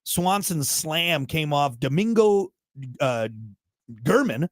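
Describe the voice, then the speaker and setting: A man's voice: on the high side, lively intonation, takes it slowly, no echo, studio quality. A man co-hosting a casual morning show, joking and rambling through sports news. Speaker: radio show co-host.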